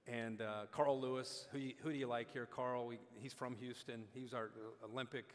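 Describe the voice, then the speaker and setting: A man spins an animated anecdote for a dinner crowd, jumping into the voices of the people in it. His voice sits in the middle range and carries the long reverb of a large hall. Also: medium pitch, moderate pace. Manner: animated, acts out quotes. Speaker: guest speaker. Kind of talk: storytelling on stage.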